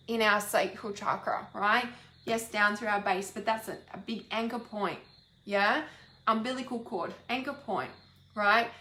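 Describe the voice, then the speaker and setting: A woman's voice: mid-range voice, a bit bright, roomy sound. A woman who works as an intuitive healer, talking earnestly and casually to her viewers and repeating words for emphasis. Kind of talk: casual live talk to viewers.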